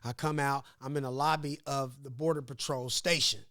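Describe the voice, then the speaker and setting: A man from Missouri, a podcast guest, telling a story in a casual, animated, profane way and acting out what others said. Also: medium pitch, normal speed, no room sound, studio quality. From Grandview, Missouri. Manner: animated, profane, laughs often, acts out quotes.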